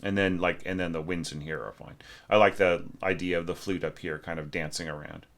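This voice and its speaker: This man's voice sits low and has a fairly bright tone, and he talks fairly quickly. He casually critiques a student's orchestration score, filling his speech with fillers and restarts and humming musical lines aloud.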